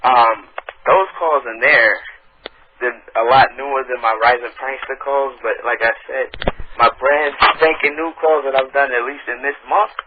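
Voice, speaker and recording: A man's voice: medium pitch, normal speed, noisy background. A man calling in to a radio show, chatting eagerly and rambling a bit. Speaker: caller. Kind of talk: casual phone chat. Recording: tinny phone line.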